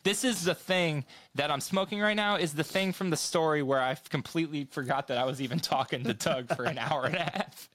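A man's voice: fairly high pitch, fairly quick, few pauses, fairly bright tone. A man co-hosting a podcast, trading crude, profane, joking banter in casual chat. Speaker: podcast co-host.

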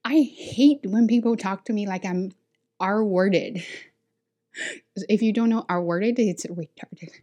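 A woman's voice: mid-range voice, slow, long pauses, warm tone. A woman from China with a Chinese accent, talking candidly and energetically on her own podcast, laughing now and then. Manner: candid, outspoken, laughs while telling stories. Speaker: podcast host, ESL teacher. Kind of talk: casual monologue podcast.

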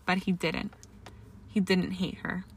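Woman narrator, low gravelly voice, steady storybook reading. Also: slow, a little hiss or hum. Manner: reads dialogue with raised emotion, small slips and restarts. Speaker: fan fiction reader. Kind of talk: audiobook-style story narration.

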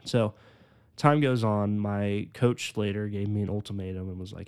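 A man in his twenties telling his personal faith testimony on a podcast, earnest and full of "like"s, slowing down on the heavy parts. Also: on the low side, steady tone, clear, resonant tone. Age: 20s. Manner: earnest, filler-heavy storytelling with many "like"s; slows down and softens on emotional points. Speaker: podcast host.

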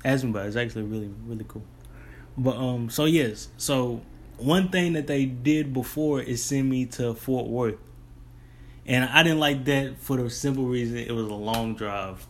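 A man's voice: mid-range voice, normal speed. Casual young man telling a story. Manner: rambling, restarts, relaxed colloquial. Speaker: delivery driver.

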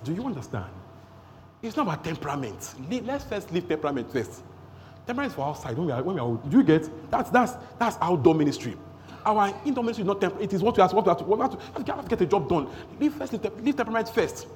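A man with a Nigerian accent preaching a sermon, energetic, breaking into rapid tongues and shouts. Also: high voice. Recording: long hall reverb, faint noise.

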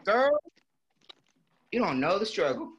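A man's voice: high-pitched, big pitch swings, a little slow, fairly bright tone, dull audio, slight background noise, voice pushed up, exaggerated voice. A man putting on a sassy, gushing feminine voice. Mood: gushing, dramatic. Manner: exaggerated, gushing, theatrical.

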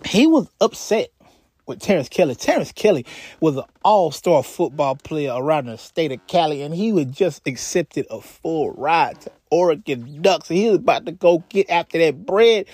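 A man's voice: sits high, dry recording. A man hosting a podcast who tells a crime story in a casual way, profane and slangy, often stalling and repeating himself. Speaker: podcast host.

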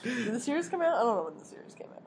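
A woman's voice: a little high, sing-song, very fast, vocal fry, slight background noise. A young woman co-hosting a podcast in casual chat, laughing often and trailing off mid-sentence. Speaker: podcast co-host.

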